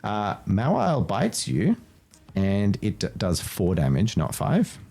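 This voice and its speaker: Lively game master man explaining rules. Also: fairly low pitch, slow, creaky, soft background music. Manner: explains rules and tallies dice. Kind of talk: running a tabletop game.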